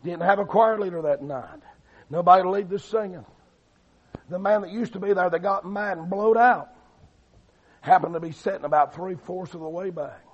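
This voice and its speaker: A man preaching a fiery revival sermon, swinging between loud shouting and low, quiet delivery. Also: moderate pace, breathy edge. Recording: dull lo-fi recording.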